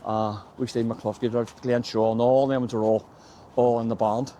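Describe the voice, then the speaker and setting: A man's voice: mid-range voice, level tone, moderate pace, warm tone, a little hiss or hum. A middle-aged man with a Belfast accent, a local guide chatting casually on a walking tour, telling stories and peppering them with "mate". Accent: Northern Irish (Belfast). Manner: chatty storyteller, says "mate" constantly. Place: outdoors on city streets.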